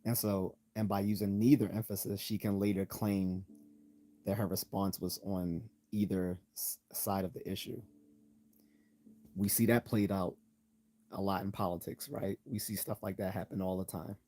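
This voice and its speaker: A man hosting a live stream, explaining logical fallacies in a loose, halting way with many ums and restarts, sometimes reading out definitions. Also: low voice, little pitch movement, dark tone. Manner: reads out definitions and examples. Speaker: channel host.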